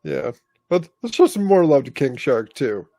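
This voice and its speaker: A man's voice: mid-range voice, big pitch swings, moderate pace, warm tone, no echo. A man in casual podcast chat who rambles enthusiastically through his points. His mid-range voice sounds dry and close to the mic. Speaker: podcast co-host.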